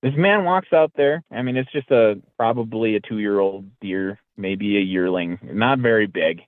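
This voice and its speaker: This podcast guest speaks at a measured pace in a lowish voice, telling a story casually and acting out quoted lines with liveliness. It's recorded dry over a tinny, phone-like line.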